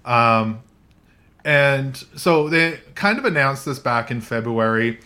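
A man's voice: mid-range voice, lively intonation, slow pace, sharp tone. A man hosting a casual tech chat show with a co-host, recorded in a coffee shop. He talks in a chatty way, laughs often and restarts his sentences. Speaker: podcast host.

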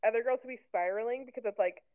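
A woman's voice: fairly high pitch, rapid-fire. Chatty sarcastic woman in her twenties. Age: 20s. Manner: chatty, sarcastic, heavy use of "like". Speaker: podcast co-host. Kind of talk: casual recap chat. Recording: tinny phone-like sound.

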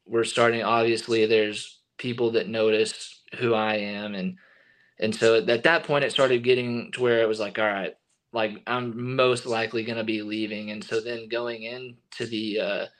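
A young man in his twenties, a baseball pitcher telling his story as a guest in a casual, rambling way, full of fillers. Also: fairly bright tone, low-quality recording.

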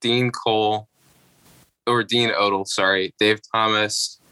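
A man's voice: lowish voice, little pitch movement, slow, bright, forceful tone, clean tone, no echo. A man chatting casually on a podcast, dropping dry joking asides. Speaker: podcast co-host or guest.

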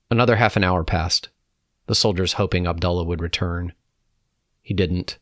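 A man reading a personal reflection aloud in a calm, measured way. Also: deep voice, no echo, studio quality. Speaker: narrator.

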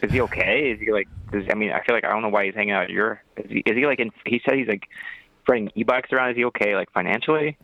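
A man's voice: on the low side, very fast, sharp tone, no room sound, highs cut off. A man co-hosting a podcast in an improvised comedy chat, hesitant and playful.

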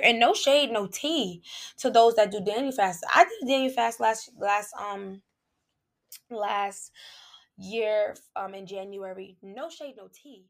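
A woman hosting a podcast, telling a casual faith testimony in an animated, colloquial way and speaking straight to her listeners. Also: medium pitch, unhurried. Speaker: podcast host.

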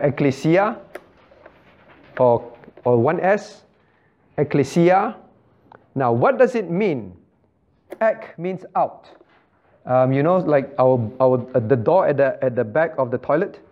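A man's voice: a little high, darkish tone. A male pastor teaching a Bible study. He repeats key phrases and quizzes his listeners by name. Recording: muffled lo-fi recording.

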